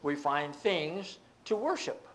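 A man's voice: on the high side, sing-song, takes it slowly. A man preaching a Bible teaching, reading scripture aloud and explaining it with emphatic outbursts.

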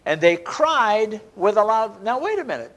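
Older man preaching with lively pitch. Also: moderate pace. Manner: lively, rising and falling delivery with frequent restarts. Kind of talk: sermon.

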